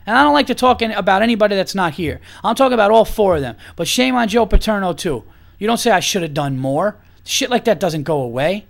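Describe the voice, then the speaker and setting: A man's voice: high voice, lively intonation, fast talker, creaky. A man hosting a podcast, ranting with heated, profane emphasis and repeating himself. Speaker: podcast host. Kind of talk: angry opinion rant.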